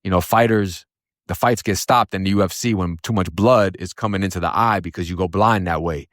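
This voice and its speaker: A man from Florida tells a story in casual, blunt speech, swearing freely and leaning on lots of fillers. His voice sits low, a bit bright and a little fast, in studio quality with no room sound.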